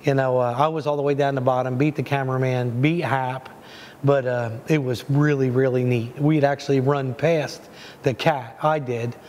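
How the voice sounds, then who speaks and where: A man narrating a hunt in voice-over, telling it in a rambling, excited way with fillers. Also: medium pitch, moderate pace, big-room sound, a little hiss or hum. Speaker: hunting show host. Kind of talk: voice-over storytelling.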